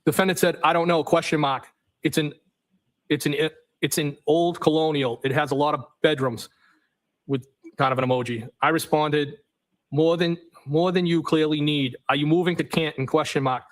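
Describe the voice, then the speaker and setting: Guy on the stand reading his texts out, fairly high voice, flat and matter-of-fact, says the question marks and all. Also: normal speed, low-quality recording. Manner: reads messages in an even, matter-of-fact way, speaking the punctuation aloud. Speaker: trial witness. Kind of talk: courtroom testimony, reading text messages aloud.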